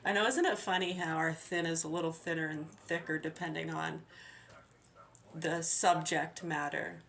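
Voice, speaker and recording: A woman with a low, deep-set voice talks on in a loose, rambling monologue. She sounds aggrieved and swears freely, circling back over her words with hesitant restarts. She is middle-aged and speaks as a mother venting. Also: steady tone, normal speed, a bit bright.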